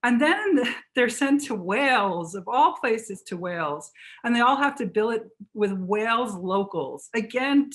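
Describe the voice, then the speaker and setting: A woman author in a book talk conversation, telling history in an animated, fast storytelling way with frequent restarts. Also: medium pitch.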